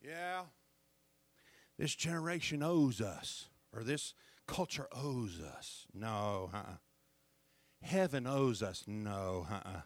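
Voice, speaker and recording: Lively, slow-paced preacher man. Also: on the low side, no room sound. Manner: call-and-response preaching, repeated "hello?" checks, swings from loud to hushed. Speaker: pastor. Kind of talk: sermon.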